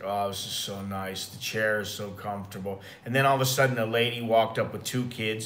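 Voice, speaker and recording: A man's voice: medium pitch, fairly bright tone, slight background noise. An American man telling rambling, profane stories in a casual livestream chat. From United States. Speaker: expat vlogger.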